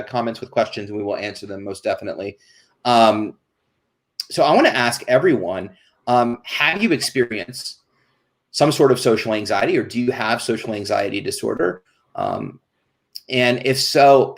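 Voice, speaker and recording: A man hosting a casual live stream, chatty and greeting viewers, often stumbling and restarting his words. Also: mid-range voice. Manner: reads off viewer names and disclaimers quickly. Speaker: host.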